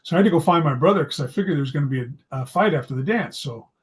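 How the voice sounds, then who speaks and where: A man's voice: a little high, lively intonation, rapid-fire. A man from Idaho telling a personal story from his school days in a casual, self-deprecating way. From Idaho, USA. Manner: anecdotal, self-deprecating humor. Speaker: storyteller, psychology video host.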